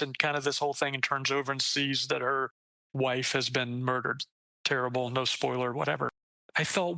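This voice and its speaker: Man, author guest, casual interview, bright forceful voice, dry close sound. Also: moderate pace, vocal fry, dry recording, poor audio. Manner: animated, acts out quoted lines with jumps in pitch; swears casually, restarts sentences.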